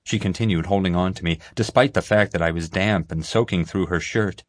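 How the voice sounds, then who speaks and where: A man reading a story aloud as an audiobook narrator, steady and clear. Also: sits low, normal speed, hardly any pauses, dry recording, clean studio sound. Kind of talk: scripted narration.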